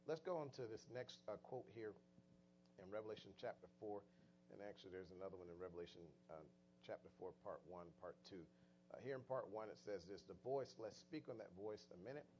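A man preaching a sermon, fervent, rising to loud emphatic calls. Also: fairly low pitch, fairly quick, slight background noise, low-quality recording.

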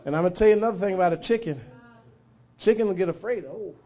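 A man preaching a sermon, telling a story with fervor and swelling to shouts. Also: high voice, quick pace, dull audio.

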